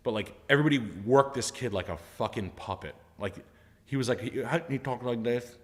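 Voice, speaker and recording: A man's voice: medium pitch, brisk, long reverb tail. A man telling funny work stories on a live stream, acting out the voices of the people in them and swearing freely. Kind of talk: casual storytelling chat.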